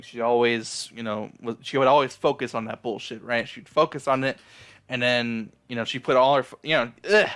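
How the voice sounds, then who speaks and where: An anime reviewer with a medium-pitched, slightly bright voice casually recaps an episode. He rambles and swears, full of fillers and restarts, and sounds down and apologetic.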